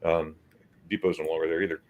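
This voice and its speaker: A man's voice: very deep voice, level tone, quick pace, highs cut off. A man hosting a livestream chat, telling a story in a loose, rambling way, often repeating words and acting out what people said. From United States. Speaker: host.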